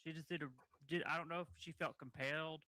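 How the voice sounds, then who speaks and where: A man's voice: fairly high pitch, fairly even intonation, quick pace, sharp tone, no echo. A man co-hosting a livestream, chatty and rambling as he talks to the chat. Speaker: livestream co-host.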